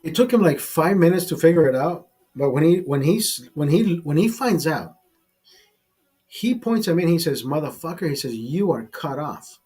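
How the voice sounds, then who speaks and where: A man's voice: on the high side, lively intonation, moderate pace, warm tone, slightly rough, soft background music. A man hosting a casual show, telling a rambling, profane story with many restarts and repeated words. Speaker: host.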